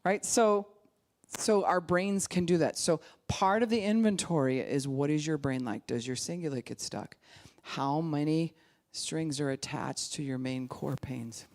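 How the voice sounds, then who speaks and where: A woman pastor giving a conversational sermon, animated, acting out quoted voices and sometimes dropping to a hushed, calm tone. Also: deep voice, measured pace.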